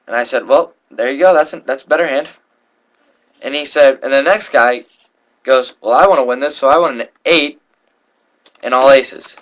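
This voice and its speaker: A man's voice: mid-range voice, normal speed, pauses often, fairly bright tone. A young man performing a card trick while telling a rambling story, often correcting himself mid-sentence. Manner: rambling, self-correcting, voices quoted people. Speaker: card magician.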